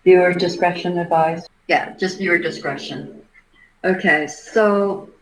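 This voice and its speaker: A middle-aged woman hosting a livestream, giving a halting, earnest case commentary. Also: on the low side. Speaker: livestream host. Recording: roomy echo.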